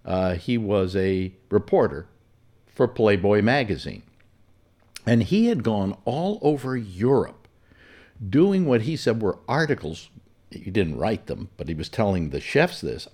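A man's voice: fairly low pitch, a little mellow. A man telling a personal story in casual, rambling fashion, full of fillers and self-corrections. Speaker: storyteller recalling personal memories.

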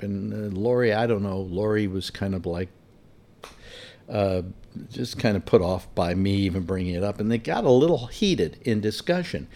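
A man telling a long personal anecdote in an animated, exasperated way, full of restarts. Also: lowish voice, moderate pace. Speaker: storyteller. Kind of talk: casual anecdote told aloud.

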